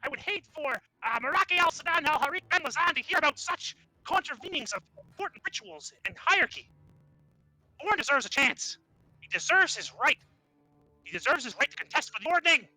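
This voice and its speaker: A haughty fire-genasi sorcerer, played by a man in a tabletop session, declaring with lofty command. The voice is high and piercingly bright. It sounds dry and close, with faint music underneath. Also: animated, fairly quick, no room sound, full character voice, rough recording. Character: proud fire-genasi sorcerer, indignant noble of a brass city. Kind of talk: tabletop role-play in character.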